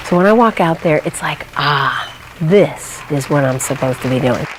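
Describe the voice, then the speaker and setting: A woman's voice: deep voice, normal speed, a loud crowd, very noisy. A woman comedian from New Hampshire telling a long personal story on stage, acting out voices and sound effects and laughing as she goes. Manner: animated, acts out voices and sound effects, laughs between lines. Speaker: stand-up comedian.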